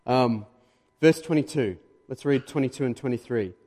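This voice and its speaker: A man with an Australian accent preaching a sermon in a conversational, emphatic way, pushing louder on key points. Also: medium pitch, normal speed, big-room sound. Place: church hall.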